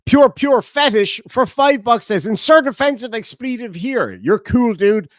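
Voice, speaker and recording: An Irish man chats on a live stream and reads donation messages aloud, cursing freely and laughing between lines. His voice sits high and swoops up and down with lots of life. The sound is dry and close, with no room echo. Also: expressive, measured pace. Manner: swearing, bantering, laughing often. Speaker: livestreamer reading donations. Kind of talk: casual livestream chat.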